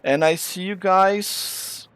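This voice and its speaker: A man from Brazil, hosting and calling a sim race with excitable, exclamatory play-by-play. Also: high voice, slow, smooth, dry recording. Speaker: race commentator and host. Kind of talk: live sim racing commentary.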